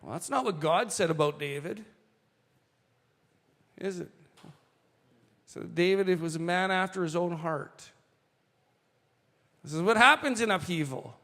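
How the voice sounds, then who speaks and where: A man preaching a sermon, reading scripture and adding animated asides to the congregation. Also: high voice, big-room sound. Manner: animated, slows for quoted lines, asides to the congregation. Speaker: pastor.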